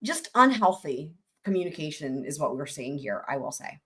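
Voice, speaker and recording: A woman hosting a livestream, giving casual trial commentary in a very expressive, chatty way and laughing often. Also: sits low, normal speed, slightly rough. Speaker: livestream host.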